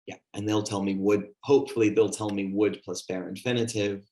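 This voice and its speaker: A man's voice: lowish voice, little pitch movement, fairly quick, warm tone. A man running an online teaching workshop, chatty and full of fillers, acting out how he talks to a class. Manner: chatty, filler-heavy, demonstrates classroom talk. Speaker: teacher trainer.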